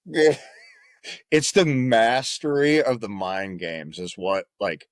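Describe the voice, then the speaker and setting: A man's voice: fairly low pitch, fairly even intonation, takes it slowly, dry recording. Profane, rambling man telling stories. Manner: profane, rambling, tag questions like "right?". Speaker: podcast guest, former Marine. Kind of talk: casual storytelling in conversation.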